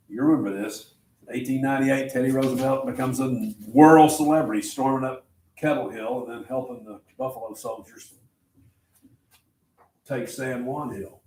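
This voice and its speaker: A middle-aged man giving a classroom history lecture, asking rhetorical questions and telling students what to write down. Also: medium pitch. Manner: conversational, rhetorical questions, tells students to take notes. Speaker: history teacher.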